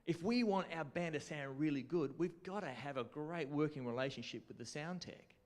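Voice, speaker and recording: A man's voice: on the high side, moderate pace, hardly any pauses. Man, Australian accent, conference class presenter, chatty teaching talk, long hall reverb. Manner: chatty, engages the audience with questions.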